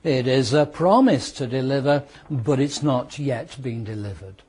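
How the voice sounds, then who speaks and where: A British man teaching a law class to students, explaining with worked examples and repeating key points, sometimes speeding up and sometimes slowing down for emphasis. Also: mid-range voice, animated, darkish tone, breathy edge. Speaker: law lecturer. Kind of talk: classroom lecture.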